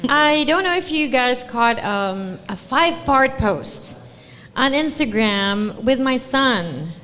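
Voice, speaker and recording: A woman's voice: fairly high pitch, slow pace, in a large hall. Filipino woman co-hosting a live podcast. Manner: switches between English and Tagalog, animated and laughing. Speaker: podcast co-host.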